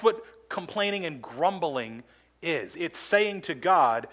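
A man's voice: on the high side, expressive, a little slow, a bit bright. A man preaching a sermon as pastor, earnest and emphatic, acting out quoted complaints now and then.

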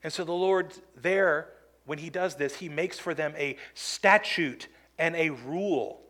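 A man's voice: a little high, measured pace, a bit bright. A man preaching a sermon as pastor, earnest and emphatic, acting out quoted complaints now and then.

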